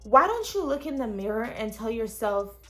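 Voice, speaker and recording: A woman's voice: a little high, sing-song, moderate pace, pushed and bright, faint music behind. A young woman vlogging casually from her small studio apartment, talking frankly and directly to viewers and swearing now and then. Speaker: lifestyle vlogger. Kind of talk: casual self-help vlog talk.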